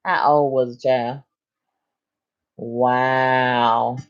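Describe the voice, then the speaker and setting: Animated sassy woman on a lo-fi stream. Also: drawn-out words. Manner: animated, sassy, big pitch swings. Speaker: live stream host reading viewer comments. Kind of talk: casual chat.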